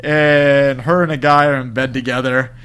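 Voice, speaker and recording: A man's voice: mid-range voice, fairly even intonation, moderate pace, a bit bright, smooth. A man co-hosting a casual movie podcast, recapping scenes in loose run-on sentences and laughing. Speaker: podcast co-host. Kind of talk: casual film review chat.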